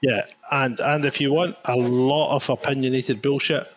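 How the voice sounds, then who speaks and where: A man's voice: mid-range voice, little pitch movement, normal speed. A man co-hosting a podcast, chatting wryly about politics and swearing casually. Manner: wry, agreeing, swears casually. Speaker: podcast co-host.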